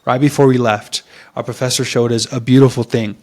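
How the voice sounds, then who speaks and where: A young man from Mexico co-hosting a faith podcast, telling stories in an animated, excitable way and laughing often. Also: medium pitch, fairly quick. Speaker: podcast co-host. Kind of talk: casual faith podcast chat.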